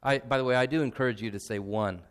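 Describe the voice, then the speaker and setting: A young adult man, a pastor, giving a sermon in a conversational, self-deprecating way and slowing down to stress key points. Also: mid-range voice.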